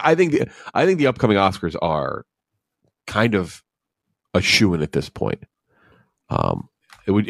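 A man's voice: sits low, no echo, studio quality. A man co-hosting a casual movie podcast, rambling through opinions with frequent restarts. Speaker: podcast co-host.

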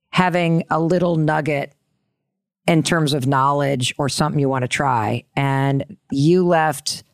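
A woman's voice: sits low, clean tone, no room sound, clean studio sound. A woman hosting a podcast, speaking in an encouraging, playful way and laughing easily. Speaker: podcast host. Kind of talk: podcast interview and sign-off.

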